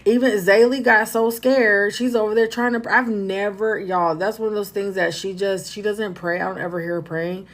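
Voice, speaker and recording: A woman's voice: mid-range voice, steady tone, normal speed, hardly any pauses. Woman spiritual reader, loose livestream chat, rambles and repeats, speaks to the viewers directly. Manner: rambling, repeats herself, talks to viewers as "y'all".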